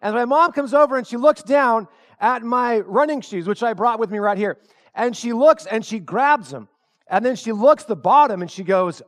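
A man's voice: extremely high pitch, expressive, moderate pace. A man preaching a sermon as pastor, telling stories in a loose conversational way and asking the congregation rhetorical questions.

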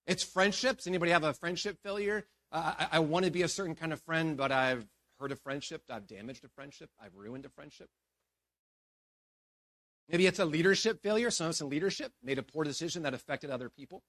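A male pastor giving a sermon with animated storytelling, swinging between emphatic bursts and hushed passages. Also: on the high side, brisk.

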